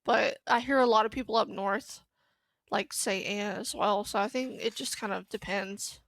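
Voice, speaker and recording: A woman's voice: medium pitch, steady tone, moderate pace, fairly bright tone, no room sound. A young woman streaming a game, chatting casually and rambling to her viewers. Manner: chatty, rambling, talking to chat. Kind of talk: casual chat while gaming.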